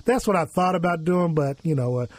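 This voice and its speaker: A man's voice: on the high side, brisk. A male sports radio host in a studio, talking in a boisterous, loose and chatty way with slang. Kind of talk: casual sports radio talk. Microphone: studio microphone.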